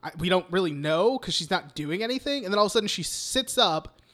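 Bright, high-voiced young podcast host. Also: male voice, lively intonation, fast talker. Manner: rambling, profane, heavy use of "like". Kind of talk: casual chat recapping a film.

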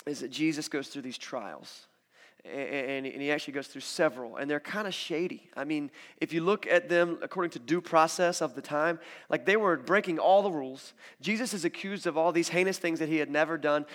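A man preaching a sermon in a conversational, animated storytelling way, acting out quotes as he goes. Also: a little high, normal speed. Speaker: pastor.

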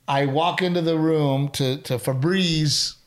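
A man in his thirties co-hosting a casual chat, telling animated stories and dropping dude and bro. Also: fairly high pitch, unhurried. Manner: animated storyteller, mocking impressions, says dude and bro. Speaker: podcast co-host.

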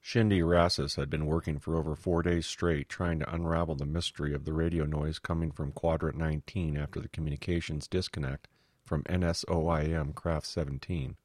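Male audiobook narrator, very deep, steady read. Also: a little fast, no room sound, studio quality. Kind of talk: scripted narration.

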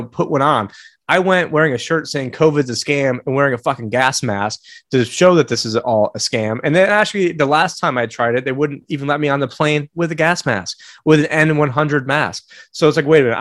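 A man's voice: medium pitch, fairly quick, a bit bright, no echo, studio quality. A man as a talk show guest, chatting casually in a rambling way, swearing and using many fillers. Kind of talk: casual chat.

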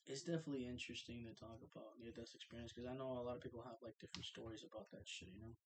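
A woman's voice: extremely low pitch, racing, creaky, noisy background. A young woman co-hosting a podcast, talking loosely with slang, swearing and frequent laughter. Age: young adult. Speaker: podcast co-host. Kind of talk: casual chat.

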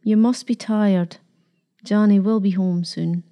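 A woman's voice: medium pitch, steady tone, takes it slowly, warm tone. Old grandmother, stiff and jealous, hesitant in speech, read by a woman. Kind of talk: storybook reading.

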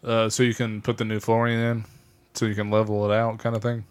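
A man co-hosting a casual chat with sarcastic, deadpan jokes. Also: on the low side, brisk, smooth. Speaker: podcast co-host.

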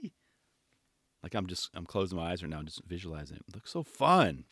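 Animated laid-back skater guy. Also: sits low, fast, no echo, clean studio sound. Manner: keeps asking "right?" and "you know". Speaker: skate video reviewer. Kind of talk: casual commentary.

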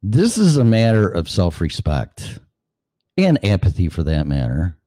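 A man's voice: deep voice, huge pitch swings, measured pace, dark tone, no room sound, studio quality. A man hosting a show, ranting sarcastically and cursing, now and then acting out other voices. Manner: acts out voices mid-rant. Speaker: show host. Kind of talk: opinion monologue.

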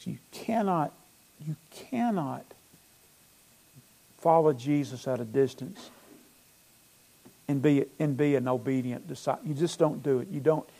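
A male pastor from North Alabama with a Southern accent, preaching a sermon in a church, retelling scripture with animated, emphatic bursts. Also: mid-range voice, normal speed, vocal fry.

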